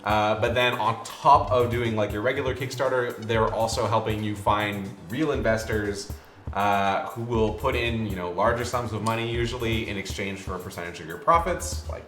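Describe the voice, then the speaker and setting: A man, an indie game developer, co-hosting a casual chat and explaining things at a relaxed pace with lots of fillers. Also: on the low side, normal speed. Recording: roomy sound with faint music.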